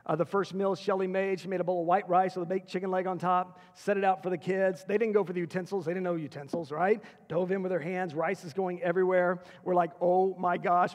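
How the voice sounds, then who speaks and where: High gravelly man in echoey hall. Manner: earnest, moving from hushed to excited retelling. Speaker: chapel speaker. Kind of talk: personal storytelling sermon. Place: school chapel.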